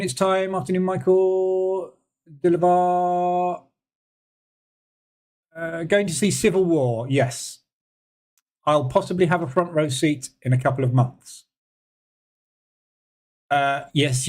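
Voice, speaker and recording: A man's voice: mid-range voice, darkish tone. A man hosting a live trading stream, chatting casually and thinking aloud with many fillers while he reads and answers viewers' messages. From United Kingdom. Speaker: trading room host.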